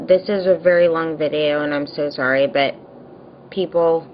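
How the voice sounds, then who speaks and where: A woman's voice: sits low, normal speed, dull audio, slight background noise. A young woman vlogging casually, telling an exasperated story about a neighbor, tired and worn out. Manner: exasperated, animated retelling with mocking quoted voices.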